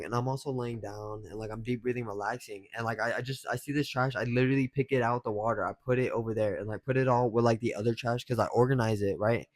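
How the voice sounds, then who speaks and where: A man's voice: medium pitch, a little mellow. A young man with a mid-range voice tells a rambling story in a loose, slangy way, swearing freely and chuckling often. His voice sounds close and dry, with no room echo. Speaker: dating advice vlogger. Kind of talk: casual storytelling.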